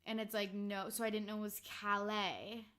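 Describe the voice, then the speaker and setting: A young woman from Vancouver, hosting a podcast in casual chat, filler-heavy and quick to laugh. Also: mid-range voice, flat delivery, a bit bright. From Vancouver, Canada. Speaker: podcast host.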